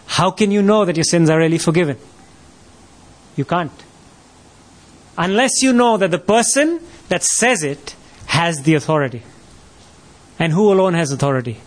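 Preacher, male, fairly high voice, emphatic sermon delivery with rhetorical questions. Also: lively intonation, normal speed, pauses often.

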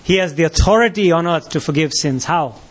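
High-voiced man preaching a sermon. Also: fairly quick. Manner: rhetorical questions, rising emphatic delivery.

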